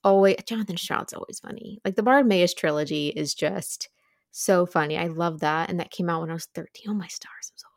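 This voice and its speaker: A woman's voice: fairly low pitch, brisk, gravelly, dry recording, studio quality. A young woman co-hosting a book podcast, chatting enthusiastically with fillers and laughs. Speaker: podcast co-host. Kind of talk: casual book podcast chat.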